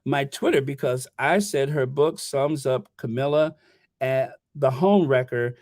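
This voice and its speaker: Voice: mid-range voice, unhurried, a little mellow, no room sound, clean studio sound. A livestream host chatting casually, rambling and stammering while reading viewer messages aloud.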